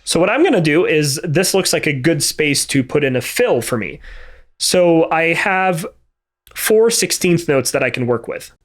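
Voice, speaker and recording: A man's voice: fairly high pitch, very animated, measured pace. A man teaching MIDI drum programming in a methodical, think-aloud way, with frequent fillers and restarts. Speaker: music production instructor. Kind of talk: screen-recorded tutorial. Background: drum and music playback between remarks.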